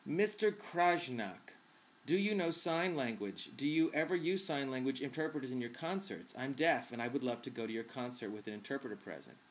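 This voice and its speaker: Vlog host, male, mid-pitched, campy and quick with a joke, answering viewer questions casually. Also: animated, slight background noise. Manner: chatty, campy and wisecracking.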